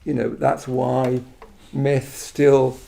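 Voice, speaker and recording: A middle-aged man from England giving a reflective Buddhist talk, halting and full of restarts, with quiet trailing asides. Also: mid-range voice, completely flat delivery, creaky.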